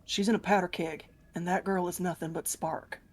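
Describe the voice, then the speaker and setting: A woman's voice: on the low side, fairly even intonation, moderate pace, slight background noise. A woman playing in a live-streamed tabletop role-playing game, talking brashly and playfully and swearing freely. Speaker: player.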